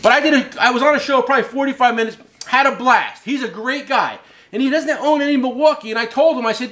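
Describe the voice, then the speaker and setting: Brief: middle-aged male host, high voice, bouncy and animated, rambling casual storyteller. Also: fast talker. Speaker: host and tool company owner.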